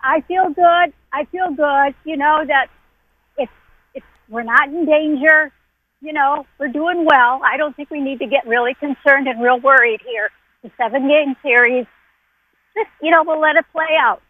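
A woman phoning in to a radio show, chatty and excitable. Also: sits high, moderate pace, no room sound. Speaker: caller. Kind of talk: casual call-in chat. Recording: tinny phone line.

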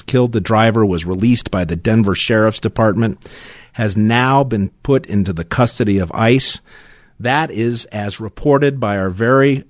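A man's voice: lowish voice, dry recording, clean studio sound. A man hosting a talk radio show, chatting casually with jokes, fillers and restarts. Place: radio studio. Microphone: studio microphone.

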